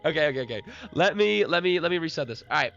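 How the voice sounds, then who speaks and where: A man's voice: a little high, lively intonation, quick pace, creaky, a bit bright, a little hiss or hum. Rambling man running a streamed tabletop game. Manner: rambling, laughs often, addresses chat. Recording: lo-fi stream with faint music.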